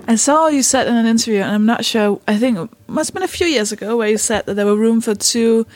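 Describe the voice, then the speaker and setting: A woman's voice: fairly high pitch, expressive, a little mellow. A woman hosting a casual podcast chat, agreeing sympathetically with her guest. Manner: sympathetic, quick to laugh along. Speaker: podcast host.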